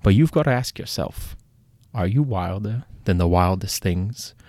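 A man's voice: sits low, expressive, a little mellow, no room sound. A man voicing a British gangster's right-hand man with a put-on British accent, telling a long, theatrical tale. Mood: storytelling. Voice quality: theatrical, drawn-out storytelling.

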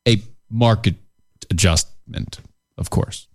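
A man's voice: fairly low pitch, takes it slowly, no echo, studio quality. A man co-hosting a casual political podcast, emphatic and incredulous as he reads news items aloud. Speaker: podcast co-host.

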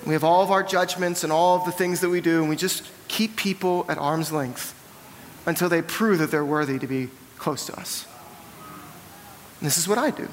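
A man's voice: fairly high pitch, moderate pace, long reverb tail, a little hiss or hum. A young man from the South, preaching a sermon in a church and telling candid, self-deprecating stories. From American South. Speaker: pastor. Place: church hall.

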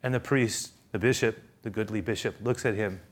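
Impassioned preacher telling a story. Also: male voice, brisk. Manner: impassioned storyteller, swings from hushed to loud and high. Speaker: pastor. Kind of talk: sermon.

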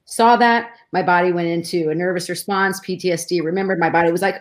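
A woman's voice: fairly low pitch, brisk, few pauses. A middle-aged woman, a guest in a conversation, telling a personal story with emotion and many restarts.

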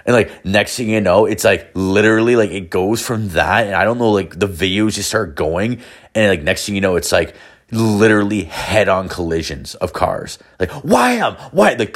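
A young man hosting a podcast, telling a rambling, profane story full of "like" and curses. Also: sits low. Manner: rambling, profane, heavy use of "like". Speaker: podcast host. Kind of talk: casual storytelling.

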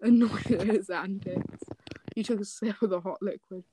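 A woman's voice: mid-range voice, fairly even intonation, fairly quick, a crowd in the background, rough recording. A young woman casually reading a fanfic aloud, breaking off often to joke and laugh. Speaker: fanfic reader.

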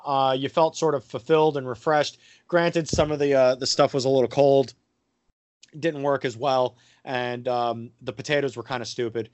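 A man's voice: mid-range voice, fairly even intonation, moderate pace, dry recording, muffled recording. A man hosting a casual podcast, rambling with lots of fillers and crude jokes. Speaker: podcast host.

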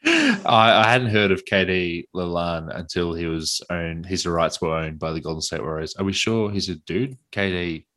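A man's voice: sits low, animated, normal speed, bright, forceful tone. A man with an Australian accent hosting a casual late-night podcast chat, joking and laughing often. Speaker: podcast host.

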